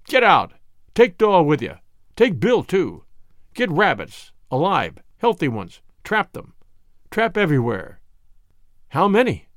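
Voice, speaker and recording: A man's voice: a little high, huge pitch swings, slow, pauses often, no echo, clean studio sound, full character voice. A man voicing a commanding, irascible male surgeon who barks orders. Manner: barking, forceful.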